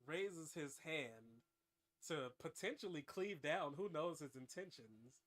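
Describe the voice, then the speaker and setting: A man narrates an improvised comic story with dramatic flair. His pitch swings widely while his pace stays slow and deliberate. He is slightly high-voiced and animated throughout. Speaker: host.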